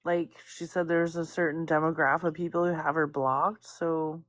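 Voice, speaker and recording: A woman's voice: low voice, flat delivery, normal speed, dry recording. A woman gossiping casually on a livestream, rambling, swearing freely and laughing often. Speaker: guest chatting on stream.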